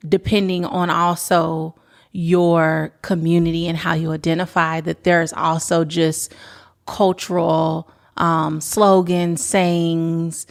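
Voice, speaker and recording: A woman from Kentucky talks as a podcast guest, her voice fairly low with a gravelly fry. She speaks thoughtfully, often pausing with fillers as she searches for the right words. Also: level tone. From Louisville, Kentucky. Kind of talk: casual conversation.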